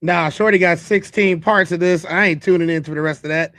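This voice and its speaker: A male host with a somewhat high voice gives casual live-stream commentary. He talks straight to his chat and makes his points with emphasis. The sound is close and dry. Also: fairly even intonation, a little fast, fairly bright tone, no room sound.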